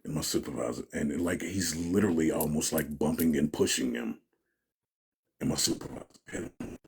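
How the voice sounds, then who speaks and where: A man's voice: extremely low pitch, normal speed, creaky, a little hiss or hum. A man giving an interview, telling a story in a casual way and acting out what people said. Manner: animated storyteller, acts out quotes, laughs often. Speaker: interview guest.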